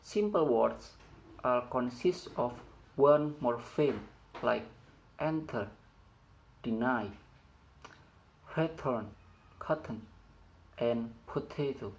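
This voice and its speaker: Young male student, first language Indonesian, unhurried lesson read, gravelly edge, faint hiss behind. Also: mid-range voice, rough recording. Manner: slow, careful reading with stumbles over phrasing. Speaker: student presenter. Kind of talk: read classroom presentation.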